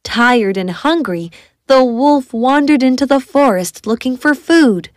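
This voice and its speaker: A woman narrating a bedtime story for children in an expressive storytelling read. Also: sits high, measured pace, dry recording, studio quality.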